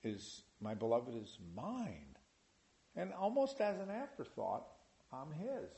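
Gravelly-voiced preacher man, lively. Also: medium pitch, slow. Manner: animated, rising to loud emphasis. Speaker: pastor. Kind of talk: sermon.

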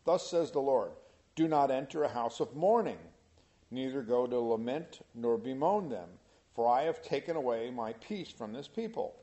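Mellow-voiced man teaching a Bible study. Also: mid-range voice, lively intonation, moderate pace. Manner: reads scripture then paraphrases it in casual everyday speech.

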